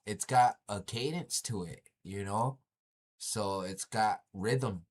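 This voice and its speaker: A man casually commenting on a video he is watching, animated and slangy, often exclaiming. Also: on the low side, slow pace.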